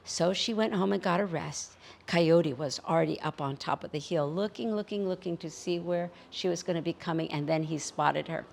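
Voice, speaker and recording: A woman storyteller telling a folk tale in a measured, rhythmic way, building with repetition. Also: on the low side, vocal fry, a little mellow.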